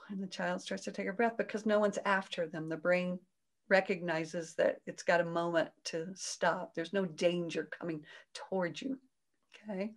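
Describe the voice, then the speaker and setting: A woman talking as a parenting coach in an interview. Her delivery is gentle and soothing, with an explaining tone. When she acts out quoted voices, her pitch jumps up sharply. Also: vocal fry.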